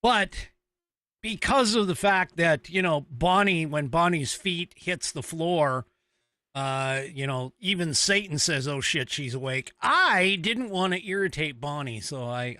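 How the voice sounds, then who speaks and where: A bright, forceful-sounding American man hosts his show in a rambling, chatty way, often chuckling at himself. His voice sits a little high for a man and is recorded dry, close and with no room sound, as in a small studio. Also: no room sound. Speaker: show host. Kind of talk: casual talk show chat.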